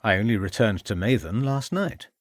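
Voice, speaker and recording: A man's voice: lowish voice, lively intonation, moderate pace, no echo, clean studio sound. A man reading an audiobook, voicing a nervous, defensive middle-aged male suspect who protests and evades. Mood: evasive. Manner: agitated, protesting, evasive.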